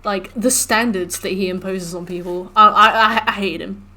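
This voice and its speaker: A woman streamer chatting casually in a live stream, telling stories in an animated, rambling, profane way. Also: medium pitch, moderate pace.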